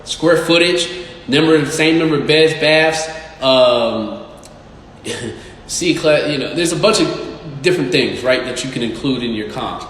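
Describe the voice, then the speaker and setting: Talking to his followers in a casual live stream, this man, who invests in and sells real estate, is blunt and emphatic and swears freely. He has a mid-range, slightly bright voice, captured in a very echoey room with a long reverb tail and a faint hiss.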